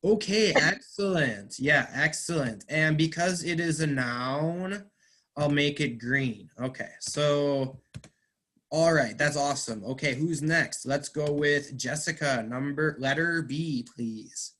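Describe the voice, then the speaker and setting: A man teaching English, explaining slowly and patiently, stressing words. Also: on the high side, fairly bright tone. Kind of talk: online class teaching.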